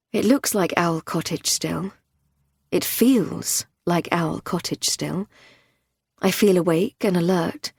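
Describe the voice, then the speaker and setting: A woman narrating a thriller audiobook in a measured storytelling manner. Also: on the low side, a little mellow, no echo, clean studio sound.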